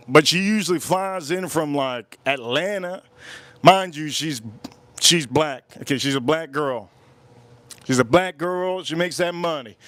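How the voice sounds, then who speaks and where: A man's voice: a little high, fairly bright tone. A man hosting a livestream, telling a story in casual chat, rambling and repeating his phrases over and over. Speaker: livestream host.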